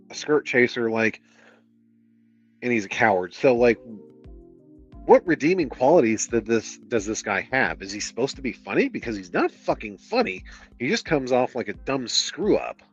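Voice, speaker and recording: A man's voice: mid-range voice, expressive, unhurried, pauses often, slightly rough, muffled recording, faint music behind. A man reading a book aloud on stream, breaking off into sarcastic, exasperated commentary full of swearing.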